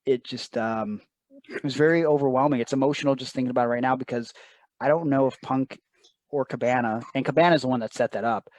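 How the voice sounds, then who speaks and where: A man's voice: medium pitch, fast, darkish tone, no room sound. A man telling a personal story as an interview guest, earnest and emotional, often quoting others in asides.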